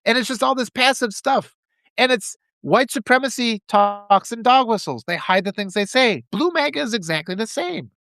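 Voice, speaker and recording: A man's voice: extremely high pitch, expressive, normal speed, pushed and bright, dry recording. A man giving an impassioned political monologue, ranting and mimicking opponents in mocking voices. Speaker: political commentator.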